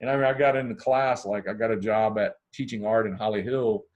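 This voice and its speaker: Podcast guest: man from Ohio, low-ish voice, animated casual storyteller who acts out every line of dialogue. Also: brisk, lo-fi sound. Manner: animated, acts out dialogue with big pitch swings.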